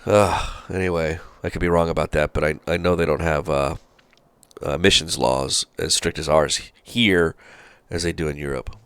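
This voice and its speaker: A man's voice: extremely low pitch, fairly even intonation, moderate pace, a bit bright, clear, resonant tone, no room sound. A man from hosting a trucking channel, talking in a rambling, folksy way with lots of fillers and asides. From Charleston, South Carolina. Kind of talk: casual rambling commentary.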